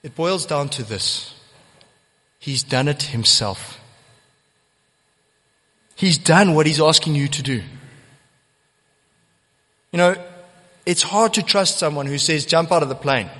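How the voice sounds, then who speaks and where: A man's voice: fairly high pitch, expressive, takes it slowly, pauses often, bright, forceful tone. A man preaching a sermon as pastor, earnest and emphatic, repeating key phrases for weight. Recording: long church hall reverb.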